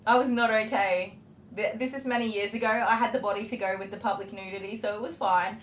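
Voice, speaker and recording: A middle-aged Australian groomer livestreams her work, rattling off animated, laugh-filled stories and voicing the people in them. Her pitch is mid-range and her delivery fast. The indoor grooming room adds a roomy echo, with electric clippers faintly buzzing underneath.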